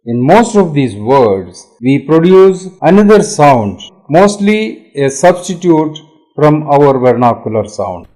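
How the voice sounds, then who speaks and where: A man with an Indian English accent presents teaching software, explaining each point slowly and deliberately. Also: on the high side, low-quality recording. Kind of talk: explanatory demo talk.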